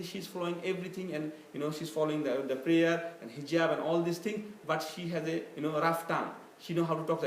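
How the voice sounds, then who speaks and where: Man teaching a Quran lesson in an echoey hall. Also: fairly high pitch. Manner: explanatory, uses many fillers and quoted dialogue. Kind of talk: religious lesson. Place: mosque hall. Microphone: phone camera. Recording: echoey room with faint noise.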